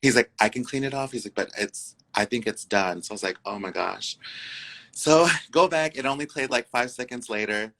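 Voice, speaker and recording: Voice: medium pitch, moderate pace, low-quality recording. A Two-Spirit guest telling a story in a casual interview, acting out quoted voices with lots of "I was like". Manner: animated, acts out quoted voices; uses many fillers and "I was like". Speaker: guest, incoming co-host.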